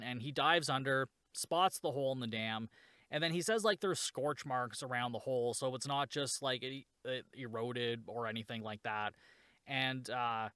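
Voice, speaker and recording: A man's voice: mid-range voice, pushed and bright, clean tone, no echo, studio quality. A man hosting a podcast, casually recapping a shark movie with sarcasm, swearing and lots of "like.".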